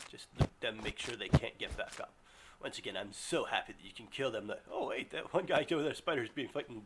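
Excitable guy narrating his game, bright voice that jumps all over, bit of hiss behind. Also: a little high. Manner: excitable, yelps and groans at setbacks. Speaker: let's play gamer. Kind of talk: live game commentary.

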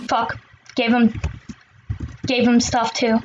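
A woman commentating on her own gameplay, excitable and swearing, with sudden shouts between quieter muttering. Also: a little high, slow pace, lo-fi sound, very noisy. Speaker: gamer.

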